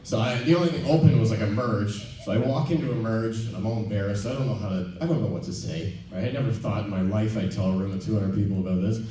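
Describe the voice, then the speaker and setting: A man doing stand-up, telling a rambling, self-deprecating story with halting ums and restarts. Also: fairly low pitch, mellow. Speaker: stand-up comedian. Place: theater stage before a live audience. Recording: echoey venue from far off.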